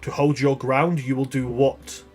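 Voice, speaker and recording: A man voicing a stern, grim male warden soldier who speaks in low, quiet, clipped commands over faint music. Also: flat delivery, measured pace, natural voice.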